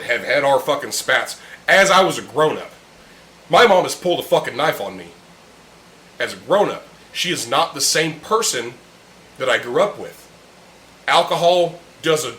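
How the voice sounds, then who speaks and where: Over beers with friends in a room, a young male podcast host rants heatedly, swearing constantly in a casual chat. He is very animated, with a high-leaning, pushed and bright voice at a moderate pace. The recording is echoey, with faint ambient noise.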